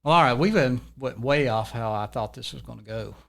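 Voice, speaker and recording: A middle-aged man with a Southern American accent hosts a podcast. He sounds folksy and rambling, and his voice sits at a middle pitch as he gets excited about his stories. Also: a little fast, gravelly. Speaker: podcast host. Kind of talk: casual conversation.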